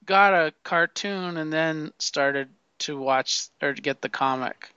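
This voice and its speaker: Male co-host, casual banter, clear, slightly high voice, self-mocking. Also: slow, bright, forceful tone, no echo, muffled recording. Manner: playful, self-mocking, laughs often. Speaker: podcast co-host. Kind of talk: casual chat.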